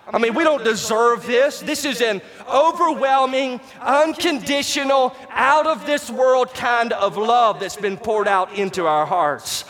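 A man preaching a sermon as pastor, emphatic and rising to shouts on key words, and calling out to the congregation for responses. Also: high voice. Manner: talks to the congregation directly, asks for responses. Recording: long reverb of a large hall.

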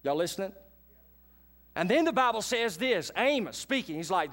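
High-voiced preacher, lively. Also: male voice, moderate pace, pauses often. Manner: animated preaching, folksy asides to the congregation. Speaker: pastor. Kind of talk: sermon. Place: church sanctuary.

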